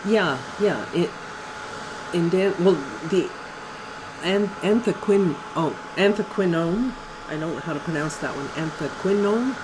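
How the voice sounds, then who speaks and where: A middle-aged woman giving a casual watercolor painting demonstration in her studio, talking in a relaxed, chatty way with fillers. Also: lowish voice, unhurried, background noise. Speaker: watercolor art instructor.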